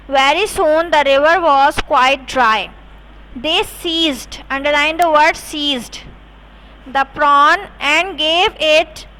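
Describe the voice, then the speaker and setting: A woman teacher spelling vocabulary words letter by letter and reading a story aloud to her class in a measured way. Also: sits high, pushed and bright, low-quality recording. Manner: spells words slowly letter by letter, then repeats them. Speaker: school teacher.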